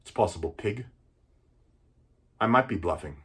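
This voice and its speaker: A defiant young hero who is too weak to stand but full of scorn, as a man acts him out alone. The delivery is taunting and husky. His voice sits low. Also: expressive, moderate pace, a bit bright, heavily acted. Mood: scornful. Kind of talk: one-man film recital.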